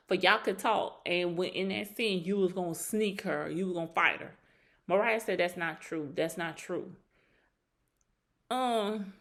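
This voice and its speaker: A woman casually recapping a reality show reunion, animated and acting out quotes in a higher voice.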